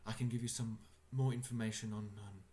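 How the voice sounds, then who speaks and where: Guy doing a worried english-accent villager, sighs a lot, halting and soft, haunted by bad dreams. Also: on the low side, steady tone, close to an everyday voice. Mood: troubled. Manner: hesitant, sighing, soft-spoken. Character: worried sleepless townsperson, troubled by nightmares.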